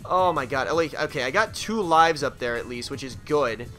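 A man commentating his own game play, excitable and prone to panicked, swearing outbursts while talking to the game character. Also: medium pitch, normal speed, faint music behind. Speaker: gaming let's play host.

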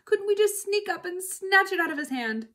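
A woman's voice: animated, moderate pace, fairly bright tone. A woman voicing hungry little fox cubs pleading with their parents in a storybook reading. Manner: high and pleading.

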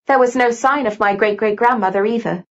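A woman narrating a novel in first person with steady, even storytelling. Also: on the high side, fairly quick, dull audio. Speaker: audiobook narrator.

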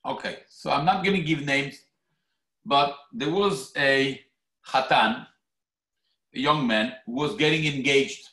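A man preaching a sermon as rabbi, animated and theatrical, acting out mock quotes. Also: mid-range voice, takes it slowly, long pauses. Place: synagogue hall. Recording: echoey hall.

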